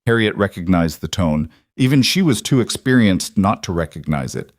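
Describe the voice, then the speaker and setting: A man narrates a frontier story in a measured, even storytelling manner, and his voice sits on the lower side. The recording is dry and close, with no room sound. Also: no echo.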